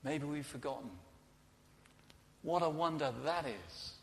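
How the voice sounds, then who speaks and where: Man, preacher, sermon, earnest storytelling, slightly high voice, long hall reverb. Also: animated, a little slow, fairly bright tone.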